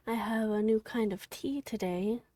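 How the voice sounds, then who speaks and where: Soft-spoken, slow streamer woman. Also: fairly high pitch, no room sound, studio quality, far from the mic. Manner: quiet, gentle, half-whispered. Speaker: streamer reading a book. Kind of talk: gentle soft-spoken livestream chat.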